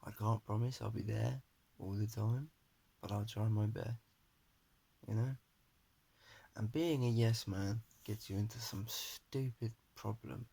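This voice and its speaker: A young man talking to a phone camera in his flat, giving a rambling, earnest personal monologue and pep talk. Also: fairly low pitch, a little slow, vocal fry, long pauses, breathy edge. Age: young adult. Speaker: vlogger. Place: his flat at home, indoors. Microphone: phone camera held in front of face.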